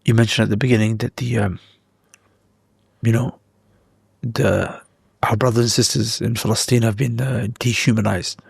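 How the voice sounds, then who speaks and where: A man hosting an interview, asking measured questions with some stumbles. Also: mid-range voice, fairly even intonation, creaky, slightly rough, dry recording, studio quality. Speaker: interview host.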